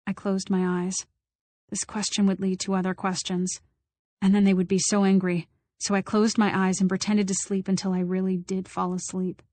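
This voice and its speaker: A woman reads an audiobook in a steady, flat-toned narration. She sits close to the mic in a dry, dead studio sound, with a mid-height voice that stays even from line to line. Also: mid-range voice, moderate pace, dry recording. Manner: acts out quoted voices with small shifts. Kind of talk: scripted narration.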